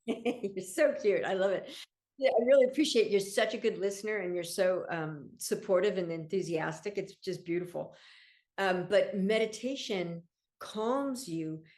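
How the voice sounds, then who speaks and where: A middle-aged woman, a podcast guest and coach, talking in an enthusiastic, gently explanatory way and laughing easily. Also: mid-range voice, normal speed. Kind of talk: casual interview chat.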